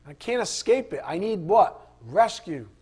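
A man with a high voice teaches a Bible study. He reads the passages aloud in an earnest tone, then breaks off into casual, conversational asides to the group. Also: expressive, unhurried, a little mellow, slightly rough.

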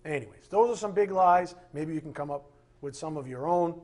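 A man's voice: a little high, fairly quick, a little mellow. A man pastor preaching a sermon with emphatic, impassioned delivery, acting out quoted voices along the way.

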